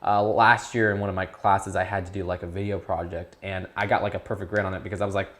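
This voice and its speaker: A young man in his teens talking casually as an interview guest, rambling with restarts and perking up when excited. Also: deep voice, quick pace. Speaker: YouTube creator, guest.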